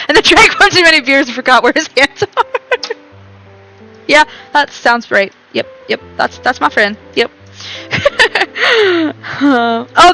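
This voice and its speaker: Bubbly, bright-voiced woman streamer. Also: sits high, low-quality recording. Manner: bubbly, giggly, self-deprecating. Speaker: live streamer. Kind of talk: casual live-stream chat to viewers.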